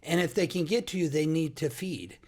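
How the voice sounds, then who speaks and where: Folksy emphatic man with a higher voice. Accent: American. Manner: folksy, drawn-out emphatic delivery. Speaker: podcast co-host. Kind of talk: casual chat.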